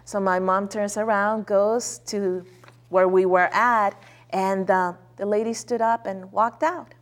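A woman from Mexico shares a personal story as a guest, her voice sitting at a middle pitch. She talks casually and earnestly, pausing now and then on soft hesitant fillers. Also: steady tone.

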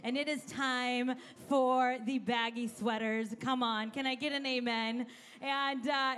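High-voiced woman pastor preaching. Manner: energetic, conversational, asks congregation for responses. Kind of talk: sermon.

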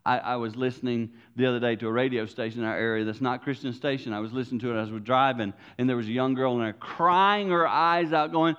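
A man preaching a sermon as pastor, animated and acting out voices. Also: medium pitch, quick pace, few pauses, clear, resonant tone, muffled recording.

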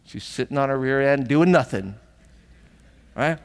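A man's voice: mid-range voice, moderate pace, big-room sound. A man preaching a sermon as pastor, earnest and emotional, often asking the congregation questions, at times tearful.

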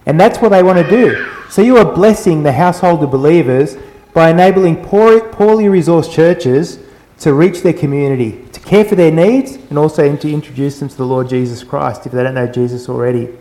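An earnest, middle-aged man delivers a conversational sermon. His voice sits a little high but sounds mellow and relaxed. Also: fairly quick, poor audio. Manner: earnest, conversational preaching with anecdotes. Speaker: preacher.

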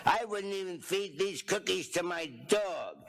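A man's voice: high-pitched, lively intonation, measured pace, creaky, fairly bright tone, pitched above the performer's own voice, exaggerated voice. A man doing a sneering bully boy. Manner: sneering, sulky. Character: mean neighborhood bully boy, surly.

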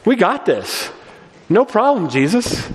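A preacher putting on whiny, overeager young disciples. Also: male voice, high-pitched, big pitch swings, slow, in a large hall, voice pushed up, exaggerated voice. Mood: eager. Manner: whiny, overeager, casual modern slang. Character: eager, squabbling young male disciples.

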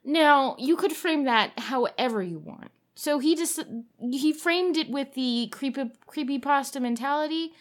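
A woman co-hosting a casual podcast, reading a spooky story aloud and chatting with lively, rambling asides. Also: sits high, unhurried, few pauses. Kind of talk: casual chat.

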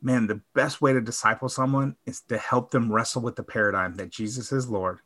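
A man reflecting on his faith in a casual conversation, often trailing off softly. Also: mid-range voice, fairly even intonation, brisk.

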